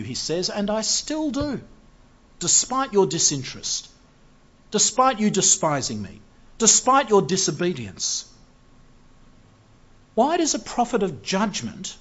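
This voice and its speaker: A man preaching a sermon in an earnest, measured way, and his voice sits a little high for a man. He builds to emphatic, rising passages. The recording sounds dull and lo-fi.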